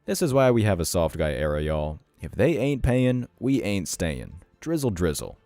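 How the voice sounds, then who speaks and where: Male commentary host, low dark voice, lively pitch, sardonic and lecturing, dry close mic with faint music underneath. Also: moderate pace, no echo. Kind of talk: reaction commentary reading comments.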